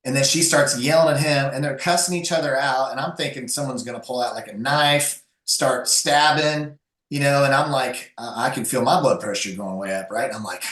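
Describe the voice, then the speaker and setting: Animated man telling stories in an echoey room. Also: mid-range voice, moderate pace. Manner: animated, lively storyteller with frequent restarts. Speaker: guest. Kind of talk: conversational storytelling.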